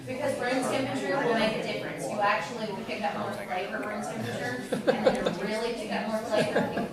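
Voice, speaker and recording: A woman's voice: mid-range voice, fairly even intonation, quick pace. A woman tour guide leading a guided tasting, upbeat and instructive, quizzing her group as she explains. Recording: echoey room, distant mic, group chatter.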